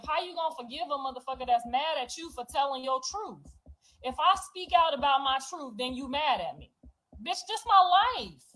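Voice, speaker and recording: High-pitched woman, raw defiant monologue. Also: rough recording. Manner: rises from low brooding to loud outbursts. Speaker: reality show cast member. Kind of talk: emotional confessional monologue.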